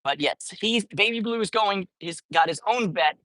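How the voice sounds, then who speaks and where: A woman's voice: mid-range voice, expressive, normal speed, a bit bright. A woman chatting casually on a livestream while feeding street cats, rambling and often correcting herself. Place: outdoors at a street cat feeding spot.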